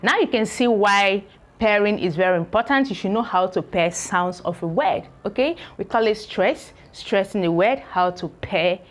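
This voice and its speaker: A woman teaching English pronunciation, saying each word slowly several times, breaking it into syllables and checking in with "okay?" between explanations. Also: medium pitch. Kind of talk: slow spoken pronunciation lesson.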